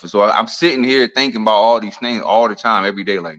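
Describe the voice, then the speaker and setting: A man with a somewhat low voice talks about boxing in a laid-back, reflective drawl, full of casual slang. The audio sounds dull and lo-fi. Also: fairly even intonation, very fast, few pauses, fairly bright tone. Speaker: heavyweight boxer, guest. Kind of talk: casual interview talk.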